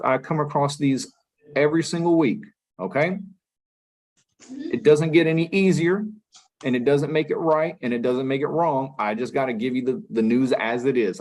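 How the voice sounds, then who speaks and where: A magistrate judge addresses a defendant at a first appearance hearing in a courtroom. His voice sits a little high for a man, and he stays firm yet patient, repeating himself so that he is heard. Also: poor audio. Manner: firm but patient, repeats "listen" to hold attention.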